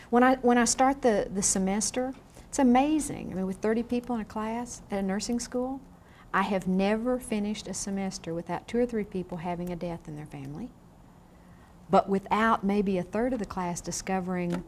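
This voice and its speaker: A woman lecturing a class on grief in a frank, lively way, often asking the room questions. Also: medium pitch, slight background noise. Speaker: grief educator. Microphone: on camera, room mic.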